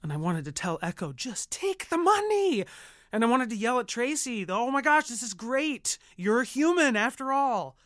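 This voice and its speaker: An actor playing a flustered, earnest showrunner who narrates an audio drama and stammers through restarts. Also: male voice, high voice, expressive, fast, few pauses, a bit bright, no room sound, clean studio sound. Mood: wry. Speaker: TV show producer.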